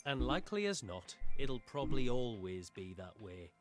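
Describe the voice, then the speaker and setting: An actor playing an adult male character in a video game, speaking in a measured, explanatory way. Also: mid-range voice, big pitch swings, soft background music, lightly acted.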